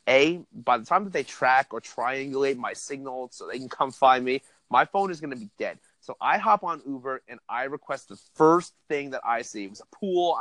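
A young man telling a wild story in casual chat, animated and profane, laughing as he goes. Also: mid-range voice, no echo. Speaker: podcast host telling a story.

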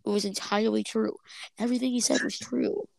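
A woman chatting on a podcast, her voice gravelly with vocal fry. She recaps an episode in a loose, rambling way, stumbling through fillers. The sound is dry and close, with no room around her. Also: on the high side, fairly even intonation, brisk, darkish tone, dry recording, low-quality recording. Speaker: podcast co-host. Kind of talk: casual review chat.

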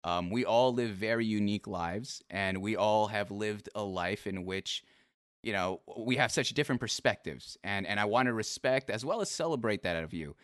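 A man's voice: on the low side, lively intonation, moderate pace, a bit bright, no room sound, studio quality. A young man hosting a live-streamed interview show, teasing his guest with laughs before turning earnest. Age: young adult. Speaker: podcast host. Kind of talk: casual livestream interview.

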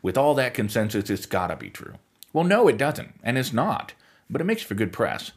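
Wry, husky-voiced male podcast host. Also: medium pitch, sing-song, moderate pace. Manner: wry, sarcastic asides. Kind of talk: scripted podcast commentary.

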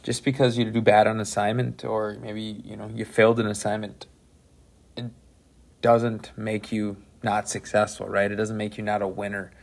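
A man who is a teacher hosting a casual interview, relaxed and encouraging, with lots of "you know" and "right". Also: on the low side, normal speed, creaky. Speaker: teacher and podcast host.

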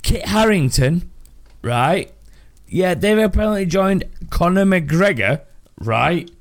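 A man's voice: high voice, lively intonation, slow pace, no room sound. A tipsy man hosting a casual podcast, swearing and laughing a lot as he rants. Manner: rowdy, swearing, laughing often. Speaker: podcast host.

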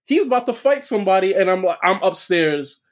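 A man's voice: high voice, lively intonation, a little fast. A man on a casual podcast rambling through a story and teasing his friends. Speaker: podcast co-host.

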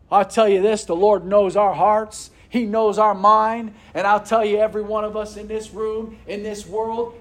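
A man's voice: high-pitched, level tone, normal speed, few pauses. A man preaching a sermon to a congregation in a room, tossing rhetorical questions out for them to answer.

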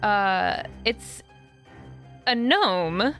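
A woman narrating as game master in a tabletop game, chatty and relaxed, with many fillers. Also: medium pitch, drawn-out words, soft background music.

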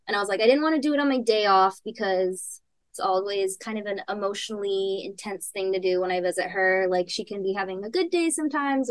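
A woman's voice: mid-range voice, dry recording. A young woman podcast host telling a personal story in casual chat, rambling with lots of fillers and little laughs.

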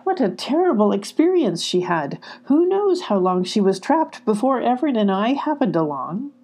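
Woman doing a gentle young animal hero, reassuring, mellow, breathy, storybook. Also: fairly high pitch, big pitch swings, normal speed.

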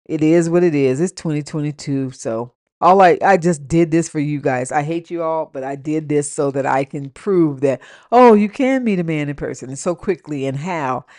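A young woman hosts her own podcast in a loose, ranting story-time manner. Her voice sits a little low, and she mixes blunt, profane advice with quick laughing asides. The sound is close and dry. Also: darkish tone, dry recording. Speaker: podcast host. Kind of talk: casual rant and story time.

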